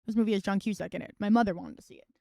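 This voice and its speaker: A woman's voice: medium pitch, racing, vocal fry, warm tone, dry recording, studio quality. A young woman streaming live, chatting casually and wryly about films, rambling and swearing freely. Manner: rambling, profane and wry.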